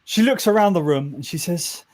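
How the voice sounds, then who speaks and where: A man narrating a tabletop game as game master over an online call, halting and restarting often. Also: high-pitched, animated, a little mellow. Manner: halting, full of restarts and fillers, joking.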